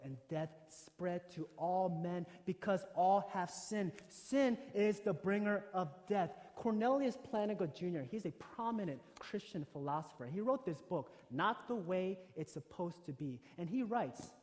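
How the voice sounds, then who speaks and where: High-voiced pastor preaching in an echoey hall. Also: male voice, expressive, a little slow, few pauses, a little mellow. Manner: swings from emphatic to near-whispered. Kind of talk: sermon.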